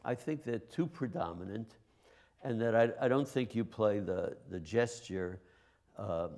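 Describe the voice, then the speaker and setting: Male master-class coach, low and gravelly, halting delivery with lots of filler sounds, scats the phrases he wants to hear. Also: darkish tone. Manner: sings musical phrases with nonsense syllables. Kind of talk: coaching a chamber ensemble. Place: live master class in a studio.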